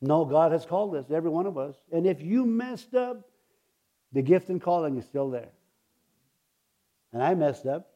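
Male preacher, high and mellow, loud exclaiming then low confiding asides, stammering restarts, talks straight to the pews. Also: animated, normal speed, long pauses. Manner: stammering restarts, chuckles, addresses the congregation. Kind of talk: sermon.

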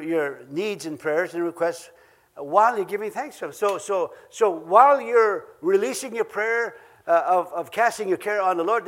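A man with an Ojibwe accent, pitched notably high for a man, delivers a sermon. He is earnest, drives points home by repeating phrases, and slips in small chuckles as he goes. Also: a bit bright. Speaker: preacher.

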